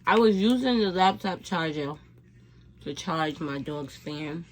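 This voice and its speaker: A woman's voice: on the low side, lively intonation, measured pace. A woman vlogger chatting casually to her viewers between bites, rambling and laid-back. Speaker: mukbang vlogger. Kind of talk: casual eating chat to camera.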